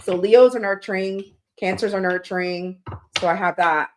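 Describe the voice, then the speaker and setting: A woman rambles through a casual livestream chat, talking straight to her viewers. She is candid and loose, laughs easily and drops the odd curse word. Her voice sits at an ordinary middle pitch for a woman. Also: steady tone, moderate pace, slight background noise. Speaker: livestream tarot host.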